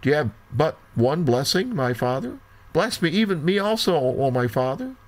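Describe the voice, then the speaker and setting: A man's voice: medium pitch, normal speed, pitched above the performer's own voice, close to an everyday voice. A man reading as a pleading, grief-stricken son. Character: grieving adult man pleading with his father.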